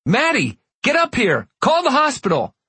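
Man reading as a middle-aged dad in an audiobook, loud and upset, husky edge, dry sound. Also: mid-range voice, big pitch swings, unhurried, dry recording, exaggerated voice. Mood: panicked. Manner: loud, shouting, then gentle. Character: angry shouting middle-aged father. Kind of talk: audiobook character voice.

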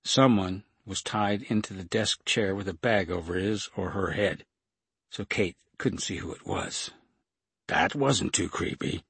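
Male audiobook narrator, measured and steady, husky tone, dry close recording. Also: low-pitched, no echo. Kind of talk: scripted narration.

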